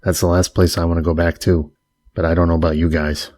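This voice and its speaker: A cocky teen runaway who keeps cutting in to mock his friends, voiced by a male audiobook reader. The delivery is low and fairly flat. The sound is dry and close. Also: fast, dry recording, natural voice. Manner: cocky, needling, cuts in. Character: brash, mouthy teenage boy runaway. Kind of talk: audiobook character voice.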